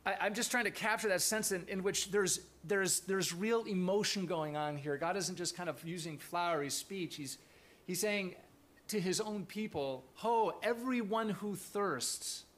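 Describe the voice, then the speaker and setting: A man's voice: high-pitched, normal speed, fairly bright tone. A man preaching a sermon to his congregation, earnest and thoughtful, often restarting his phrases. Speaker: pastor.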